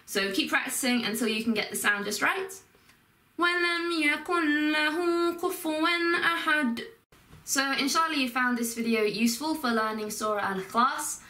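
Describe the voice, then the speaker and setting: A woman's voice: fairly high pitch, a little fast, hardly any pauses, sharp tone. A woman teaching a step-by-step recitation lesson, explaining patiently and carefully and drawing out example sounds. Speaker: Quran teacher. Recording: echoey room, voice from a distance.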